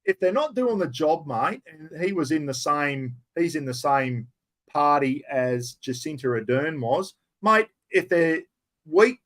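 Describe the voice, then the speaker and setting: An older Australian man works through his viewers' chat questions on a live stream in a blunt, blokey manner, with casual swearing and plenty of "mate." His voice is on the high side and a bit bright.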